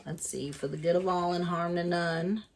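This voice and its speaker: A woman's voice: fairly low pitch, steady tone, moderate pace, a little hiss or hum. A woman doing a casual tarot reading for her channel, chatty and thinking aloud with lots of fillers. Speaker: tarot reader.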